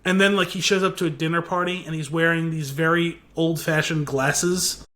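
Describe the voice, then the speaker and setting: Bright animated man retelling a show. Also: on the high side, normal speed. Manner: animated retelling with quoted lines, many "like" fillers. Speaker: podcast co-host. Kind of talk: casual chat, recapping a TV episode.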